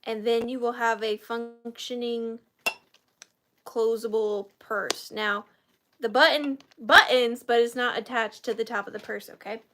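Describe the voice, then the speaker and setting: A woman's voice: a little high, fairly even intonation, measured pace, bright, forceful tone, slight background noise. A woman in her thirties hosting a live vintage sale, chatty and self-deprecating, easily moved to tears. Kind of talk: chatty live-stream selling.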